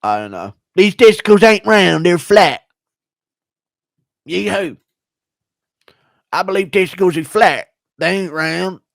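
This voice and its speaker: A man's voice: medium pitch, dry recording, clean studio sound. A man talking bluntly and swearing freely in a casual live-stream chat, answering viewers.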